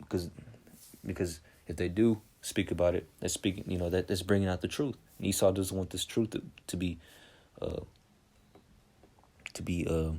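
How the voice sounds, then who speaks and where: A man teaching from scripture in an informal preaching style. He reads verses slowly and then explains them in casual talk, checking in constantly with "all right?" and "okay?". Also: deep voice, warm tone. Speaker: Bible teacher.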